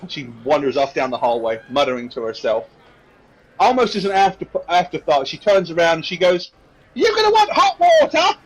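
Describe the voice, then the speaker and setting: A man's voice: fairly high pitch, steady tone, a little fast, breathy edge, poor audio. A man narrating a tabletop game as game master, in a casual rambling way.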